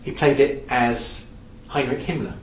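A man giving a lively, anecdotal talk in a lecture-style storytelling manner. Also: medium pitch, measured pace. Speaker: speaker on theatre history. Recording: echoey room from some distance, faint background noise.

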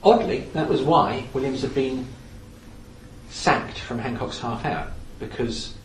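A man giving a lively, anecdotal talk in a lecture-style storytelling manner. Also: mid-range voice, a little slow. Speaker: speaker on theatre history. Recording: echoey room from some distance, faint background noise.

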